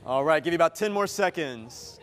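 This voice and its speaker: High-voiced energetic male keynote speaker. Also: fairly quick, smooth, faint music behind. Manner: energetic, playful, teasing the audience. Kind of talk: interactive live keynote. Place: event venue with a live audience.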